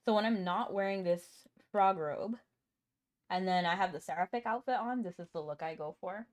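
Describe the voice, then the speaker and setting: A woman's voice: mid-range voice, normal speed. A woman live-streaming a game, chatting casually and answering her chat, with a cough now and then.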